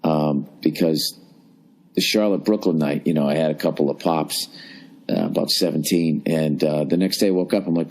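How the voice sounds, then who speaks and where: A man's voice: very deep voice, fairly even intonation, normal speed, a little mellow. A man in his forties ranting and grumbling through a profane solo comedy podcast from a hotel room. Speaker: podcast host.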